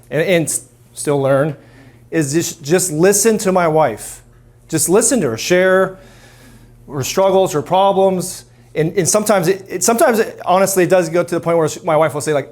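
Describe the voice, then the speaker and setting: A middle-aged man talks to a live audience in a loose, self-deprecating way. His voice sits a little high for a man, and he often restarts his sentences and fills the gaps with "um" and "you know." He keeps turning to the room with questions. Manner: conversational, self-deprecating, many restarts and fillers. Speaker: speaker at a men's ministry talk. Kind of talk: casual talk to a live audience.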